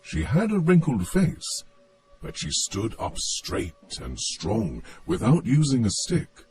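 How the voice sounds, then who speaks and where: A man narrating a story in a measured, expressive reading voice. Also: medium pitch, over music.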